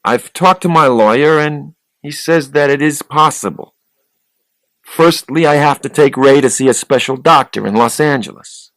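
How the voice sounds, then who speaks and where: A man reading a soft-spoken, tired brother. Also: a little high, normal speed, no echo, pitched above the performer's own voice. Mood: earnest. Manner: soft, hesitant.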